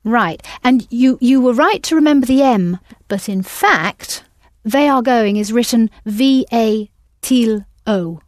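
A woman's voice: a little high, slow pace, hardly any pauses, dry recording, studio quality. A woman teaching a language lesson, patiently prompting her students with questions.

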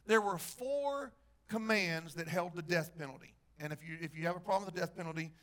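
Male pastor with a high voice, lively preaching that quizzes the congregation. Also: fairly quick. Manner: animated preacher, asks the congregation questions. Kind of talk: sermon.

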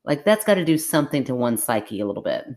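A low-pitched woman co-hosts a podcast in easy, casual conversation. She is playful and chatty and laughs often. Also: very animated, quick pace, a little mellow. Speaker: podcast co-host. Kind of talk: casual chat.

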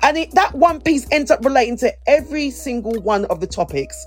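Brisk and expressive, a woman with a high voice co-hosts a podcast, chatting playfully and wandering from point to point with lots of restarts. Faint music plays behind her.

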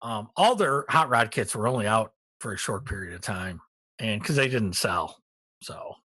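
A middle-aged man co-hosting a casual hobby podcast, relaxed and rambling with many ums, a little tired. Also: fairly low pitch, normal speed, breathy edge, no room sound. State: tired, yawning. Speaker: podcast co-host. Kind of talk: casual hobby news chat.

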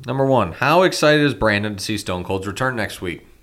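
A man's voice: lowish voice, lively intonation, fairly quick, fairly bright tone. A man co-hosting a casual chat, reading out questions and cracking dry, wry remarks. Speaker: co-host reading listener questions.

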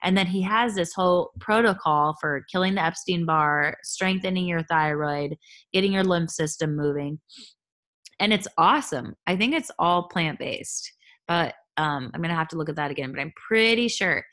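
A woman's voice: lowish voice, moderate pace. A woman in her thirties, a holistic health coach, talking candidly and chattily on her own podcast. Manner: candid, chatty, animated asides. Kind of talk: solo podcast monologue.

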